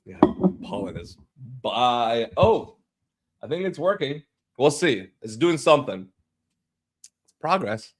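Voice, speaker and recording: His medium-pitched voice is sing-song and slow, broken by long pauses. A livestreaming video editor, he chats casually as he works, muttering and cursing in passing, a little blocked up and unwell from pollen.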